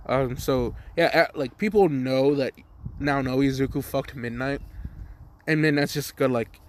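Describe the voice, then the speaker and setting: A man's voice: mid-range voice, normal speed. A young man casually improvising a crude fan story, rambling, swearing a lot and laughing at his own jokes.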